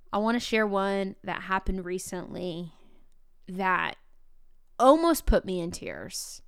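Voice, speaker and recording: A woman's voice: medium pitch, clean tone, no room sound, studio quality. A woman teacher talking casually and telling upbeat classroom stories. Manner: upbeat, storytelling. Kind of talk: casual podcast talk.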